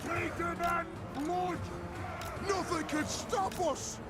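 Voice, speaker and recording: A gruff dwarf soldier from a war game, yelling clipped, short battle cries and orders in a high, strained voice. Each one comes out slow and drawn out. Loud game music plays behind him. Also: male voice, fairly even intonation. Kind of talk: game unit voice lines.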